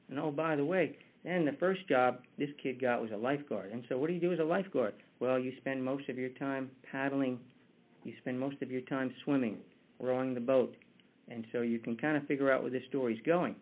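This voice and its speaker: A man giving a conversational motivational talk with a story, often restarting his words. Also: medium pitch. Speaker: motivational speaker. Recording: tinny phone-like line.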